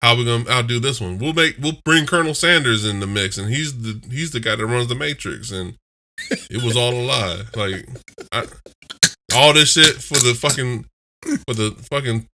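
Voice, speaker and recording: Guy on a podcast, super bright voice, swearing a lot, restarts his sentences constantly. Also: medium pitch, normal speed. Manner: animated, profane, stammering restarts, acts out voices. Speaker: podcast co-host. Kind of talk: casual chat.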